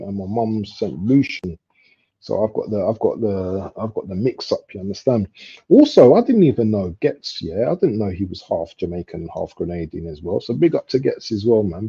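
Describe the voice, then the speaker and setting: A young man chatting casually while he streams a football match live. He talks in street slang and breaks into excited outbursts at near misses. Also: lowish voice, slightly rough. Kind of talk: casual live commentary chat. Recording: dull lo-fi stream audio.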